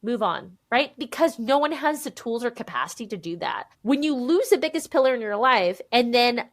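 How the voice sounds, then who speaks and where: A woman in her thirties, a podcast guest telling her own story in an animated, emphatic way, acting out what others said to her. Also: a little high, fairly quick. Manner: animated, emphatic, quotes people in voices. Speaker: podcast guest, memoir author. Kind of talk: candid conversational storytelling.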